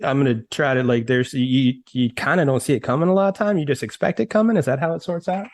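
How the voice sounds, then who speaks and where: A man's voice: fairly high pitch, fast, darkish tone. A man hosting a podcast, reacting in casual chat and swearing freely. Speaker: podcast host.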